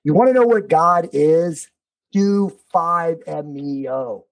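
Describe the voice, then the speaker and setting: A man's voice: fairly high pitch, animated, takes it slowly, poor audio. A man speaking as a podcast guest in casual conversation, emphatic and preachy, swearing freely.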